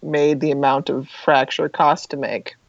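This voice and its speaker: A young man co-hosting a casual movie podcast, quick, excitable and jokey. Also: fairly high pitch, vocal fry, noisy background. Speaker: podcast co-host. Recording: dull, dry lo-fi sound.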